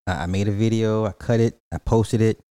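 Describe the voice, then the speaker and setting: A man's voice: lowish voice, fairly even intonation, fairly quick, warm tone, clear, resonant tone, dry recording. A man livestreaming in casual slang, joking with and roasting the people in his chat.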